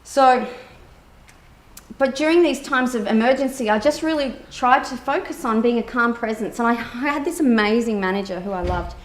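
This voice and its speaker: This female therapist shares a personal anecdote during a conference keynote, animatedly performing the quoted lines and peppering her speech with fillers. She talks at a normal speed in a fairly high register.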